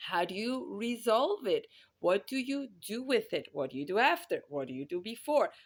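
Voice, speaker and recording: A woman's voice: mid-range voice, very animated, moderate pace. A woman giving earnest, emphatic parenting advice, stacking phrases in repeated lists. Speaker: parenting speaker.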